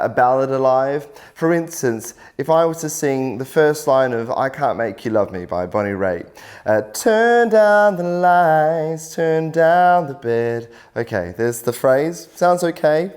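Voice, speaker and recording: A man's voice: medium pitch, darkish tone. Man coaching singing, encouraging. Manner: encouraging, explains clearly, step by step. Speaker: vocal coach. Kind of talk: video workshop instruction.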